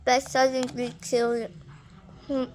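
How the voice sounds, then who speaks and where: A woman voicing an excitable, alarmed girl creature who blurts out urgent news in a spoken creepypasta reading. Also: high-pitched, slow, a little hiss or hum.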